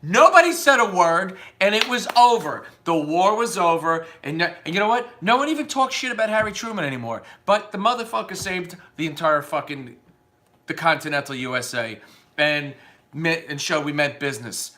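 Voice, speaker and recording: A man's voice: fairly high pitch, animated, normal speed, bright, forceful tone. A man delivering an unscripted, profane, combative rant that rambles from point to point.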